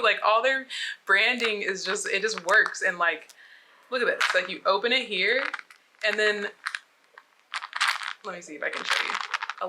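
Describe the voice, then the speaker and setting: A woman's voice: on the low side, very noisy. A young adult woman from the United States, chatting casually and bubbly while unboxing, with many filler words. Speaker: vlogger.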